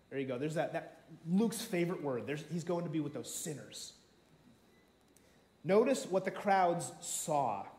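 A man preaching a sermon to a congregation, animated and acting out the story with quoted voices. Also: a little high, a little slow. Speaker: pastor. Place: room with a congregation. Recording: echoey room.

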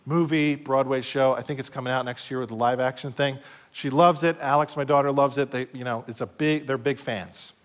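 A middle-aged pastor preaching a sermon, swinging between loud passages and hushed asides and acting out quoted voices. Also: male voice, medium pitch, steady tone, a little fast. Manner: acts out quoted voices in short skits.

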